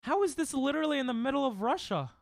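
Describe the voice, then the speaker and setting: A young man streaming a game, chatting casually and reacting excitably to chat on a headset mic. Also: extremely high pitch, fast, gravelly, no echo, studio quality. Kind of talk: casual live-stream chatter while gaming.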